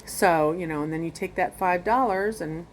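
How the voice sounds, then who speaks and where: A woman's voice: on the low side, moderate pace, slight background noise. A woman vlogging casually from her home about reselling, rambling with lots of fillers and restarts. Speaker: vlogger sharing reselling tips. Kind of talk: casual chat to camera.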